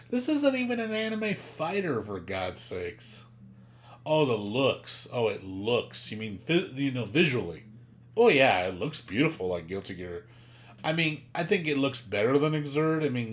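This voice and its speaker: A man streaming, ranting in casual chat, profane and exasperated, mocking other people's voices. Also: on the low side.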